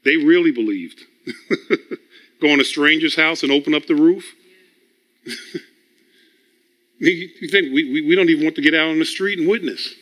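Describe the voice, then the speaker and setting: A man delivering a conversational sermon with a bright, forceful voice that sits a little high for a man. He teaches through personal stories, chuckles between thoughts and circles back over words as he gets his point out. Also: normal speed, long pauses. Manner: chuckles often, repeats words as he builds a point; storytelling, teaching tone. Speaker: preacher.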